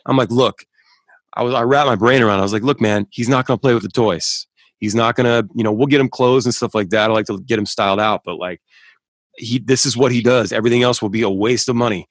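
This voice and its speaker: Thirties guy, dry close sound, mid pitch, casual profane rambler who gets worked up. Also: quick pace, dry recording. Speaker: podcast co-host. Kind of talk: casual chat.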